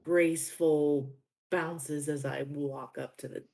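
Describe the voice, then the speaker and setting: A woman's voice: low-pitched, fairly even intonation, slow pace, creaky, dark tone. A woman playing a tabletop game in a playful way. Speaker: player. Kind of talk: tabletop role-play.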